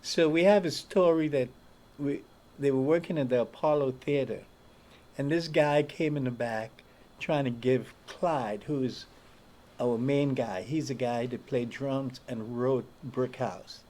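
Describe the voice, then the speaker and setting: A man's voice: medium pitch, a little slow, a little mellow, slight background noise. A man who plays in a touring band, telling stories as an interview guest and animatedly acting out the voices he quotes. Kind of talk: storytelling in an interview.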